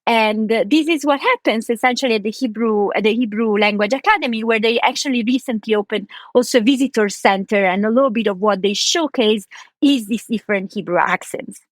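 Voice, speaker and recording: High-voiced woman reporter explaining. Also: a little fast, no echo. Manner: chatty explainer, frequent "like" fillers. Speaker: archaeology reporter. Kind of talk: explaining as a guest on a news podcast.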